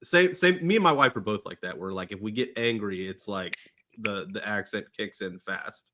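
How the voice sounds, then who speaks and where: Jokey bright-voiced man from Georgia. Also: lowish voice, moderate pace. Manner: jokey, playful, never serious. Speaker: podcast co-host. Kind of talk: casual sports betting chat.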